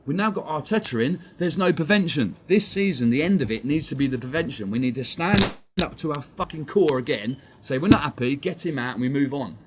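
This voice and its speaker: A man's voice: a little high, expressive, brisk, muffled recording, noisy background. A man with an English accent ranting on a live stream, blunt and profane, talking straight at his chat. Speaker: fan channel streamer. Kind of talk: heated live-stream rant.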